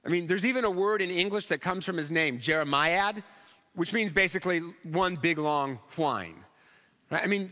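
In a large church hall, a male pastor delivers a sermon in a high, sharp voice. His style is conversational and humorous, and he acts out quotes as he goes.

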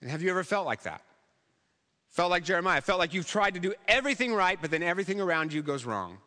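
A man's voice: high-pitched, sing-song, quick pace, pushed and bright, in a large hall. A man preaching a sermon in a church, conversational and humorous, acting out quotes along the way. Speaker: pastor.

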